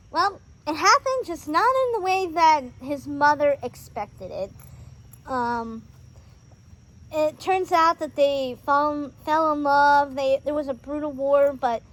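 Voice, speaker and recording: Female host, high pitch, casual outdoor film-review vlog, rambly and excitable, lots of ums. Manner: excitable and rambling, with many fillers and restarts. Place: outdoors on a home driveway.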